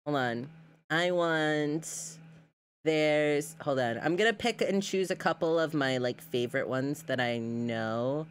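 A woman's voice: low voice, fairly bright tone, slight background noise. A young adult woman streamer in casual live-stream chat, reading her chat aloud and gushing over clips she shows.

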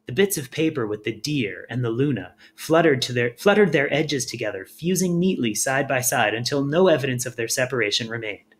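Man reading a storybook calmly. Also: mid-range voice, brisk. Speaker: audiobook reader. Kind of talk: storybook narration.

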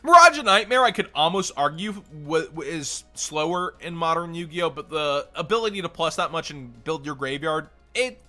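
Bright-voiced man giving blunt verdicts. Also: on the high side, lively intonation, faint music behind. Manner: quick blunt verdicts, dismissive. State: losing his voice. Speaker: card game channel host. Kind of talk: casual commentary.

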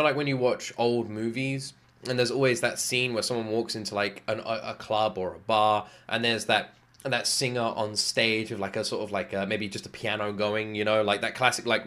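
A man talks through his reaction to a performance, groping for the right words, then landing emphatic praise. His tone is bright and forward. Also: fairly low pitch. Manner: searching for words, emotional and emphatic. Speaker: music reaction video host.

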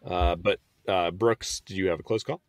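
A man in his thirties co-hosts a podcast in casual chat, his voice sitting fairly low and sounding close and dry. He tells stories with animation, speeding up in bursts and laughing as he goes. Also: steady tone, normal speed, dry recording, faint music behind. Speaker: podcast co-host.

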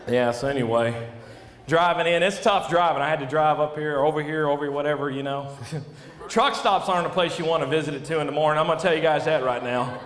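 Man, stand-up comedian, high voice, high-energy, rambling, echoey club, noisy. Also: fairly quick, a bit bright. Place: live comedy club stage. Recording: echoey hall with audible noise.

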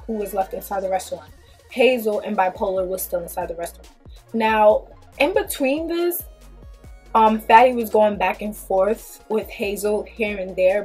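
A woman with a husky voice tells a story to camera in a blunt, animated way. Her pitch sits in the middle of the range. Soft music plays faintly underneath. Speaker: vlogger. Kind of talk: storytime vlog.

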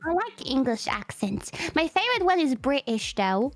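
Woman streamer, high and animated; excitable, giggly casual chat. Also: normal speed, faint music behind. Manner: excitable, laughs often, gushing.

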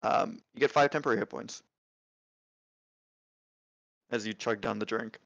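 A man's voice: on the low side, normal speed, a bit bright, no room sound. Game master guy rambling through the scene with lots of uhs, dry and kinda muffled audio. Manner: hesitant, filler-heavy description. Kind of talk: narrating a tabletop game.

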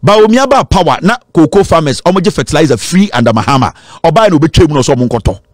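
Ghanaian guy ranting about politics, kinda high voice, dry close sound. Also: sing-song, very fast, no echo. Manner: impassioned, switching between Twi and English. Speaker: political commentator. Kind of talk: political commentary.

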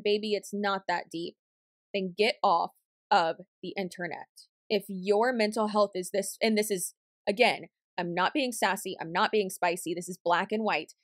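Woman vlog host, reaction commentary, sassy and blunt, mid pitch, dry untreated room. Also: no echo. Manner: blunt and sassy, talking back at the screen.

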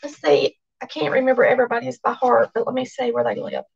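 A Southern woman hosting a cooking channel, chatting casually and excitedly to her viewers as she reads their cards aloud. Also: a little high, fast talker, gravelly, breathy edge, recorded from a distance, highs cut off.

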